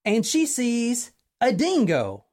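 A woman hosting a casual chat, telling a true crime story in an animated way, swearing casually and acting out quotes. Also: on the high side, slow.

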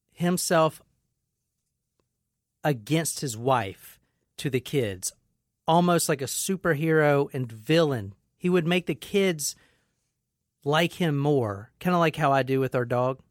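A woman's voice: sits low, no echo, studio quality. A woman hosting a casual true crime podcast, blunt and jokey, often laughing as she walks through the case.

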